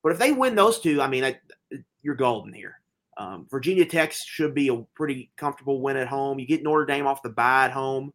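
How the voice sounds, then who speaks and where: A man's voice: mid-range voice, expressive, a little fast, fairly bright tone. A man co-hosting a casual sports betting chat, rambling along with many fillers and restarts. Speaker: podcast co-host.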